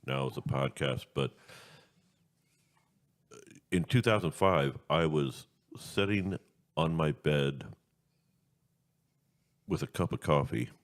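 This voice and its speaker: A man hosting a talk podcast, chatting casually and rambling with restarts and repeated words. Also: extremely low pitch. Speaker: radio show host.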